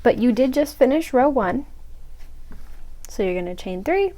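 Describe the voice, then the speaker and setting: Young woman walking through crochet stitches, a bit higher voice, chatty and jokey with herself. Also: expressive, normal speed, mellow, low-quality recording. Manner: chatty, self-mocking asides, drops to a whisper when muttering to herself. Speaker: crochet tutorial host. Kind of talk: casual step-by-step tutorial.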